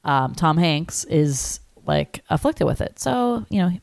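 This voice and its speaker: A woman's voice: low-pitched, very animated, takes it slowly, creaky, a little mellow, dry recording, studio quality. A woman in her thirties co-hosting a podcast, chatting casually and rambling with many "like" fillers. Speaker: podcast co-host. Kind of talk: casual chat.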